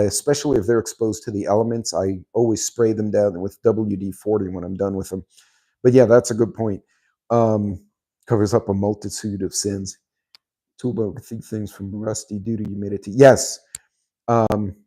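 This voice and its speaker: A middle-aged man with a warm, lowish voice hosts his channel, casually reading viewer comments and telling a rambling story. He says "um" a lot and laughs frequently.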